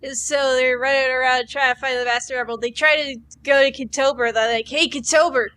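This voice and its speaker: Woman co-host, high voice, rambling casual podcast chat. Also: little pitch movement, a little fast, fairly bright tone, clear, resonant tone. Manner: rambling, filler-heavy, acts out characters.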